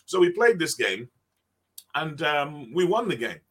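A man's voice: fairly high pitch, a little slow, slightly rough. An older man, a former basketball player, telling stories in a conversational interview and acting out the dialogue as he goes. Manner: animated, acts out dialogue in the stories. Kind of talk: conversational storytelling.

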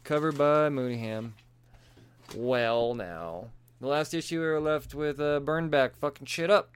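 A man's voice: on the high side, a little slow, clear, resonant tone. A man casually recapping comic book issues, swearing freely and laughing as he talks. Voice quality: profane, laughs often.

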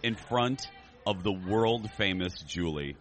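Low-voiced male co-host, rambling and joking, recording in a restaurant. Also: expressive, slow pace, a bit bright. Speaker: podcast co-host. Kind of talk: casual chat. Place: themed restaurant.

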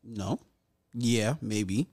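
A man co-hosting a podcast in relaxed casual chat, asking questions and laughing easily. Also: fairly low pitch, drawn-out words. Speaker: podcast co-host.

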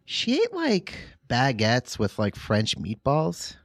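A woman's voice: extremely low pitch, takes it slowly, no echo, studio quality, exaggerated voice. A woman playing a boastful, crude middle-aged male dancing star in an improvised comedy podcast. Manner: boastful and crude, deadpan absurd claims.

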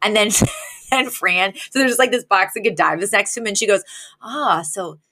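A woman co-hosting a podcast, casually recapping a sitcom episode and acting out the characters' lines with lively shifts of voice. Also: medium pitch, fairly quick. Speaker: podcast co-host.

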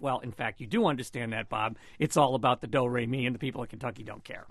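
A man's voice: mid-range voice, quick pace, few pauses, dry recording. A man giving sarcastic, opinionated sports commentary in a radio studio. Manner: sardonic, sarcastic wit.

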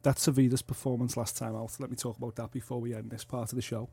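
A man's voice: medium pitch, gravelly, slightly rough. A man hosting a sports talk radio show from a studio. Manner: energetic presenter, fast links.

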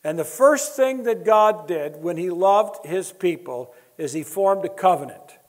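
A man preaches a sermon in a high-pitched voice with lively intonation, speaking a little slowly. He's emphatic, builds his points through repetition and adds wry asides to the audience, with a long hall reverb on the recording.

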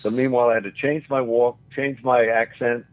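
A man's voice: medium pitch, little pitch movement, fairly quick. An older man from Australia with an Australian accent, telling rambling anecdotes as an interview guest and acting out quoted voices. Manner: rambling, chuckling, acts out quotes. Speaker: interview guest, former actor. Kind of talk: anecdotal storytelling. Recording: phone-like radio line.

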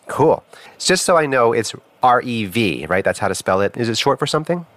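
A woman podcast host with a very low, deep voice. She asks her guest friendly, playful questions, and the recording is dry and close. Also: lively intonation, fairly quick, no echo. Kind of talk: casual interview chat.

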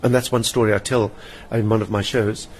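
A man's voice: fairly low pitch, flat delivery, a little fast, a little hiss or hum. An older man with a South African accent, speaking as an interview guest and telling personal stories vividly, acting out the voices of people he quotes. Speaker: interview guest, stage performer. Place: hotel lounge.

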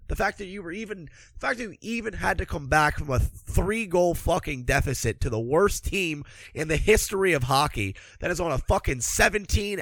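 A sarcastic man rants about his hockey team in a slightly high voice, swearing constantly. He sounds a bit stuffed up from allergies. The recording is close and dry. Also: fairly bright tone, dry recording. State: congested from allergies. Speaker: hockey commentator. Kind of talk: profane ranting sports commentary.

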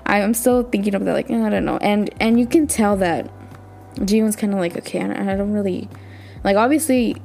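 A woman's voice: medium pitch, moderate pace, gravelly, a little mellow. A woman hosting a podcast, recapping a drama in a casual, gushing way and thinking aloud as she talks. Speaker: podcast host.

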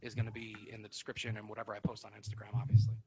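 A man's voice: fairly low pitch, monotone, vocal fry, warm tone, rough recording. A man hosting a podcast in casual chat, rambling and swearing offhandedly as he talks. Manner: fast, rambling, swears casually, dips into mock accents. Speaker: podcast host.

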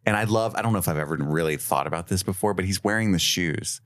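A man co-hosting a casual film review podcast, relaxed, swearing freely and quoting scenes. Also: low voice, quick pace, dry recording. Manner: relaxed, swears casually, quotes movie lines. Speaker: podcast co-host.

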